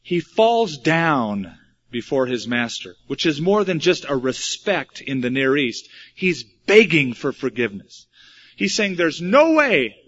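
A pastor preaching an expository sermon and reading scripture, with wry asides. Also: male voice, mid-range voice, big pitch swings, measured pace, a bit bright. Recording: dull lo-fi recording.

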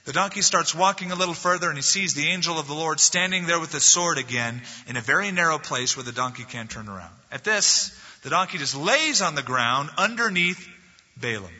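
A male pastor preaching a sermon, retelling a story with animated, emphatic delivery and a slightly husky voice. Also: fairly high pitch, brisk. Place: church sanctuary. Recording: dull lo-fi recording in an echoey hall.

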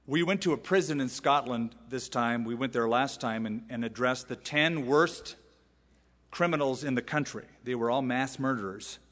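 In a large church sanctuary, a male pastor delivers an expository sermon, emphatic and peppered with rhetorical questions and asides. His medium-pitched voice is a bit bright and keeps a moderate pace. Long reverb from the big hall trails his words.

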